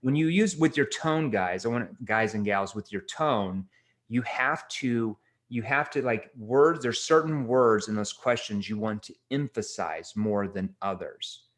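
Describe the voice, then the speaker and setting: A middle-aged man coaching sales calls, giving direct feedback and slowing down to stress key words. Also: on the low side. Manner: direct, instructive, slows down for emphasis. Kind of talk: coaching role-play feedback.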